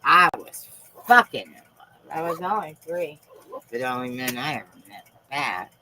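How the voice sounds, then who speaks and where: A woman's voice: deep voice, animated, moderate pace, bright, forceful tone, slight background noise, poor audio. A woman hosting a live stream, talking in a rambling, profane and fervent way. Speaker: livestream host.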